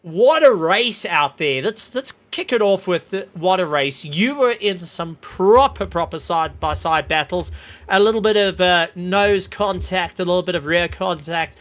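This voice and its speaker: A sim racing commentator calling a race live from the commentary box, fast and excitable. The voice is bright and forward, and it runs out of breath when the action peaks. Afterward it turns to easy chat with the drivers. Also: mid-range voice.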